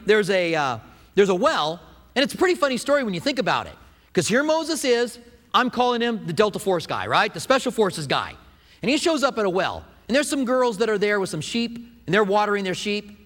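A male preacher with a high, wildly swooping voice, telling a story to a congregation and acting out every quote. His words ring with a long echo through a large hall. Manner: animated storytelling, acts out quotes. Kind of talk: sermon. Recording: echoey hall.

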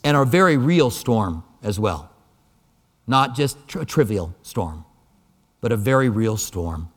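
A man preaching a sermon as pastor, telling the story in an animated way and moving between soft, slow passages and emphatic ones. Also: medium pitch. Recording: long hall reverb.

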